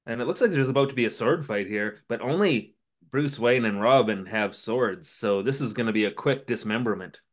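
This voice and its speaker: A man co-hosting a podcast, recapping a TV episode in casual chat and briefly acting out the characters' lines. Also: mid-range voice. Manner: acts out characters' lines in quick voices. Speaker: podcast co-host.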